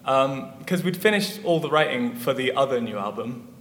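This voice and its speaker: A man's voice: medium pitch, expressive, moderate pace, fairly bright tone. Rambling young-sounding musician man, echoey hall. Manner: rambling, lots of fillers and laughs. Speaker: musician guest. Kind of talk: casual interview chat. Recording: echoey hall with faint noise.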